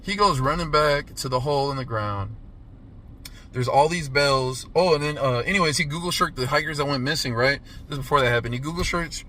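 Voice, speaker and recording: A man in his thirties giving a casual, profane movie review, punctuating the retelling with "boom" sound effects and "right?" after nearly every line. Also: fairly quick, a little hiss or hum. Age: 30s. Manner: animated, profane, says "right?" constantly.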